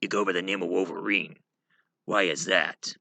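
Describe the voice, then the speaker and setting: A brooding masked vigilante, as a man plays him, speaks quietly and seriously. The voice is bright and sharp, recorded dry and close. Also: low-pitched, steady tone, normal speed, vocal fry, no echo, voice pushed down, exaggerated voice. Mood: grim.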